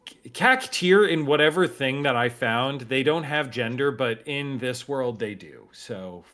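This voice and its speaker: A man's voice: medium pitch, lively intonation, a little slow, fairly bright tone. A man narrating a tabletop game as game master in a rambling, laid-back way.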